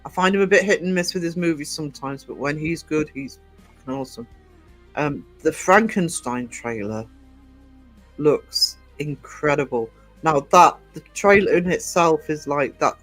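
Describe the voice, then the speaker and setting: A man's voice: on the high side, normal speed, fairly bright tone, soft background music. A man hosting a livestream, chatting casually and rambling with many hesitations as he answers live comments. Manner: rambling, hesitant, full of ums. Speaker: livestream host.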